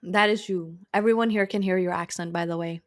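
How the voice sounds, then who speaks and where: A woman's voice: on the low side, steady tone, brisk. A woman co-hosting a casual podcast chat, giving blunt opinions, teasing her co-host and talking straight to viewers.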